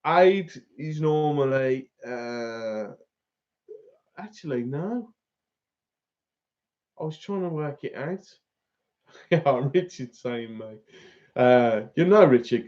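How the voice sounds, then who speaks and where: A man's voice: mid-range voice, expressive, slow pace, long pauses, darkish tone, lo-fi sound. A man hosting a fishing channel, chatting casually on a live stream, laughing often and reading out viewer comments.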